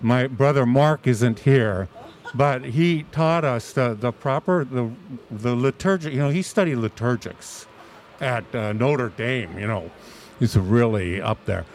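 A man's voice: mid-range voice, a little slow, darkish tone, slight background noise. A chatty man joking with a congregation and calling the children up. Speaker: church member leading kids. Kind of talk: casual church talk.

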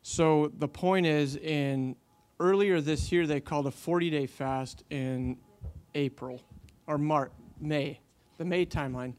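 A man's voice: a little high, a little slow, darkish tone, clean tone. A man telling a long faith story in casual conversation, animating the quotes he tells, with many fillers.

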